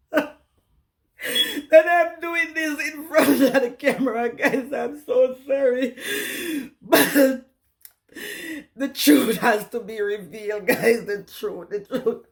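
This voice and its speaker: A woman's voice: high voice, fairly even intonation, slow, creaky, pauses often. A woman with a Jamaican accent in her home kitchen, speaking to a camera and repeatedly addressing her viewers as guys. She is nervous and embarrassed, near tears, laughing through her words. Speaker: cooking channel host. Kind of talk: emotional direct-to-camera confession. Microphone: camera set down in front of her.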